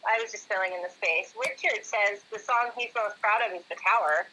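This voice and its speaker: A woman co-hosting a casual live question-and-answer session, upbeat and quick to laugh. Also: mid-range voice, sharp tone, a little hiss or hum, low-quality recording. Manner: giggly and upbeat, laughs often. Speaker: co-host relaying answers.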